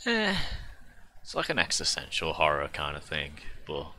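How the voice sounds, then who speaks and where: A man's voice: very deep voice, huge pitch swings, moderate pace, pushed and bright, no echo. A young man co-hosting a casual podcast, riffing and swearing as he rambles. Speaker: podcast co-host. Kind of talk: casual chat.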